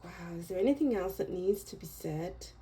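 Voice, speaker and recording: A woman giving a tarot reading to her viewers, talking in a slow, reflective and gently encouraging way, pausing and restarting her thoughts. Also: on the low side, animated, poor audio. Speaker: tarot reader. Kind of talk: unscripted tarot reading monologue.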